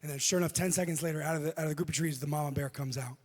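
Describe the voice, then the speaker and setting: A man preaching a sermon, telling a personal story with lively delivery and acting out what people said. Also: a little high, racing. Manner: animated, acts out quoted speech. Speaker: pastor. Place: church auditorium. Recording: long hall reverb.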